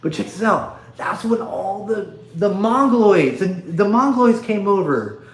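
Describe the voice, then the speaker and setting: A man's voice: sits high, animated, measured pace, reverberant. Blunt, profane man ranting on a phone livestream. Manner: blunt, profane, rambling with restarts. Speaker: livestream host. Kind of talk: casual livestream rant.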